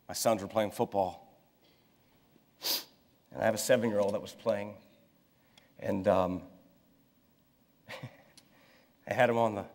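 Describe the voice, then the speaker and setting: A man in his thirties preaching a sermon, telling a family story in a lively way and acting out the people in it. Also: lowish voice. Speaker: pastor. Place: church sanctuary. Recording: long hall reverb in a church.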